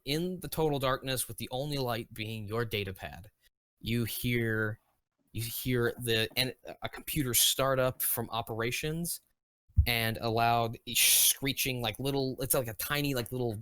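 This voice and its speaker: Male game master, slow and halting, mid-pitched, dry close sound. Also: fairly bright tone, dry recording. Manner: unhurried and searching, with many fillers and restarts. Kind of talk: running a tabletop game over voice chat.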